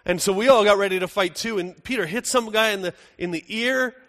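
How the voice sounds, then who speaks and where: A man playing the apostle John as an older man in a first-person dramatic monologue, earnest, moving between hushed and urgent. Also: sits high, fairly quick. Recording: echoey hall with long reverb.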